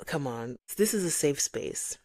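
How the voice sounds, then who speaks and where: Her deep, slightly rough voice moves a little slowly as this Nigerian woman hosts a faith-based podcast and reflects aloud. She animatedly acts out voices, including God's and other people's, and there's no room sound.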